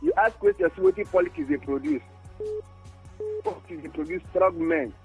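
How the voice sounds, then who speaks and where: A Nigerian man calling into a radio show, speaking in a very high voice that swoops all over. His tone is gravelly with fry, and he rambles on animatedly in Pidgin. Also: wildly swooping pitch, a little fast, a little mellow, muffled recording, soft background music. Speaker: caller. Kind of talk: call-in radio talk.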